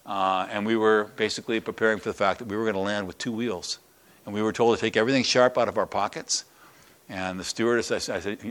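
An older man preaching a sermon, retelling a Bible story and a personal anecdote, acting out the quoted voices with chuckles. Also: mid-range voice. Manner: lively, acts out the scenes with quoted voices and chuckles. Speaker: pastor.

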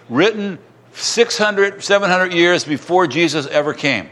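Male preacher, higher register, conversational sermon delivery mixing scripture reading with casual retelling. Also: moderate pace, fairly bright tone.

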